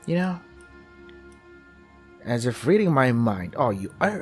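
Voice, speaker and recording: A young man reading a visual novel aloud and ranting at it, profane and exasperated, with sudden loud outbursts. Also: mid-range voice, very animated, slow pace, long pauses, faint music behind. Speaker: let's play streamer.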